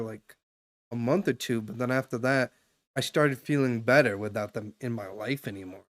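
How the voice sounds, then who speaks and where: A young man streaming live, talking loosely and at length as he gives a stranger casual advice, full of fillers and restarts. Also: medium pitch. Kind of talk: casual chat giving advice.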